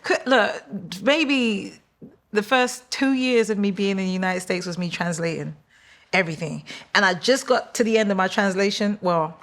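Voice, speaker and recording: A woman in her forties from London with a London accent, chatting as a podcast guest, animated and laughing often. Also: normal speed. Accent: London English. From London, England. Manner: animated, laughs often, quotes people in high voices. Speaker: guest singer. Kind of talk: casual podcast chat.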